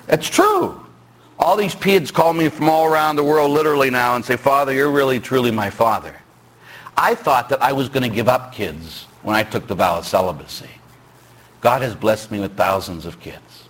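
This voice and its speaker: A male Catholic priest giving a sermon in a conversational, joking way, with rhetorical questions and sudden shouted bursts. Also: mid-range voice, slightly rough. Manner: bursts into shouting when acting out stories.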